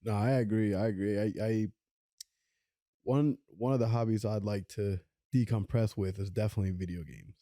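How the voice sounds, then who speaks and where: A young man from Puerto Rico co-hosting a podcast, talking in a laid-back, halting way and repeating words. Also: fairly low pitch, fairly even intonation, dark tone, no room sound, clean studio sound. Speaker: podcast co-host. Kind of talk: casual chat.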